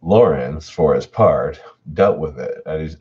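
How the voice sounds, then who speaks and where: Very deep-voiced husky male story narrator. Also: measured pace. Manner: relaxed and chatty, reads chat messages aloud. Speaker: horror story narrator and livestream host. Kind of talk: reading stories aloud and chatting with viewers. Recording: dull lo-fi home audio.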